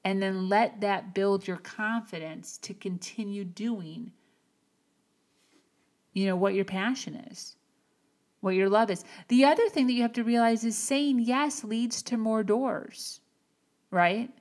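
Slow, earnest woman podcaster. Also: mid-range voice, a little mellow. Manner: earnest, encouraging, slow and emphatic. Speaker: podcast host. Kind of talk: motivational monologue.

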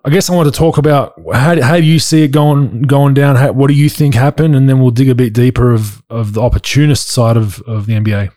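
A man's voice: medium pitch, steady tone, a little fast, few pauses, dark tone, dry recording, clean studio sound. A man with an Australian accent hosting a casual podcast, blunt and laid-back, swearing freely. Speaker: podcast host.

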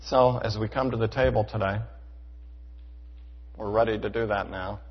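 A man preaching a sermon to his church, emphatic, asking rhetorical questions and swinging between loud and hushed delivery. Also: fairly low pitch, fairly even intonation, normal speed, breathy edge. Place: church sanctuary. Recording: dull hall reverb.

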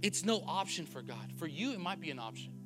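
A man pastor delivering a sermon in church, blunt and emphatic, swinging between soft passages and loud ones. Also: on the high side, big pitch swings, fairly quick. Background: faint music.

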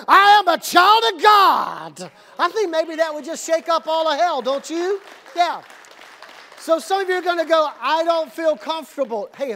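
A male pastor delivers a sermon in a church. His voice sits very high for a man. He moves from calm, steady teaching to shouted, energetic call-and-response with the congregation. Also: a little hiss or hum. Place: church sanctuary.

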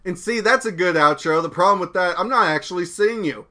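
A man's voice: high-pitched, brisk, sharp tone. A young man hosting his own podcast, talking alone in a laid-back, rambling way and swearing casually. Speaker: podcast host. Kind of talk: casual solo podcast talk.

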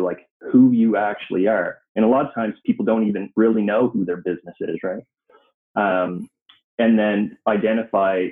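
A man who owns a digital agency, speaking as a guest with enthusiasm and a habit of saying "like". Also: lowish voice. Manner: enthusiastic, says "like" often. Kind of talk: casual business chat. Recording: tinny phone-like line.

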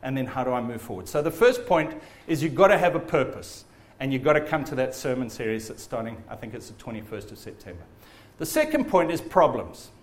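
A man preaching a sermon in an earnest, animated way. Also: medium pitch, fairly quick.

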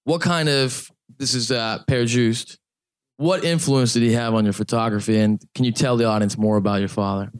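A man interviewing a photographer and asking earnest, measured questions. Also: mid-range voice, fairly even intonation, clear, resonant tone.

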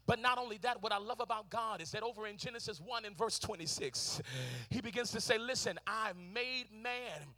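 A middle-aged man preaching a sermon in a church, shouting and half-singing his lines in call-and-response style, with frequent "uh" fillers. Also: sits high, brisk. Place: church sanctuary.

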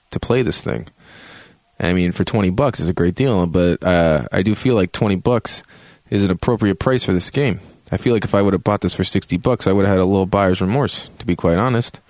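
A man's voice: vocal fry, a little mellow, no echo. A man hosting a show, giving a casual, profane, joking review of a video game. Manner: profane, joking, acts out reactions in a high yelp.

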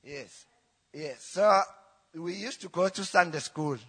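A South African man whose first language is Zulu, telling his personal testimony in church in halting English with restarts. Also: high voice, pushed and bright, breathy edge. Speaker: church member giving testimony. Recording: reverberant church hall.

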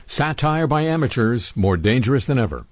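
A man's voice: mid-range voice, sing-song, moderate pace. A man hosting a radio show, reading odd news items aloud and adding dry, sardonic asides between them. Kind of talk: wry news commentary.

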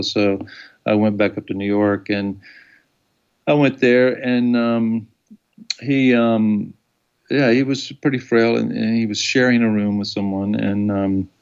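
A man's voice: lowish voice, highs cut off. A man, a documentary filmmaker, telling rambling anecdotes in an interview and acting out the quotes. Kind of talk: casual storytelling in an interview.

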